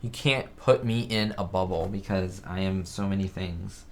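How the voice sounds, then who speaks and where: A man's voice: sits low, normal speed, slight background noise. A man hosting a casual live-stream chat, talking in a rambling, chatty way and reading viewer comments aloud. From United States. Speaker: host of a live chat show. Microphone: webcam setup.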